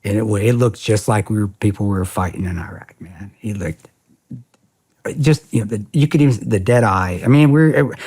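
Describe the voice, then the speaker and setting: A man in his forties, a podcast guest, telling a story in a casual interview in a blunt, profane, animated way with lots of quoted dialogue. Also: fairly low pitch, moderate pace, husky. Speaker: podcast guest, former security contractor.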